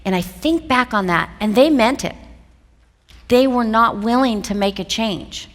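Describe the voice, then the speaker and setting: A middle-aged woman telling a personal story from a seminar stage, animated and expressive. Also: a little high, unhurried. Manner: animated, expressive, often laughing. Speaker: seminar speaker. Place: event hall. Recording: long hall reverb.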